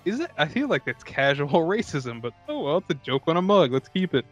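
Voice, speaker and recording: A man's voice: fairly high pitch, big pitch swings, a little fast, muffled recording, faint music behind. A young man co-hosting a podcast, chatting casually about a movie in a jokey, sarcastic way and slipping into mocking impressions. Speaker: podcast co-host. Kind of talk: casual movie-riffing chat.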